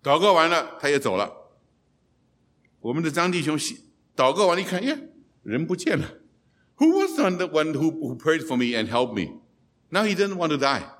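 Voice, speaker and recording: A man's voice: fairly high pitch, moderate pace, pauses often. Man preaching, switching between languages. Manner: animated storytelling, swings between loud and soft. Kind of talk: sermon with self-interpretation.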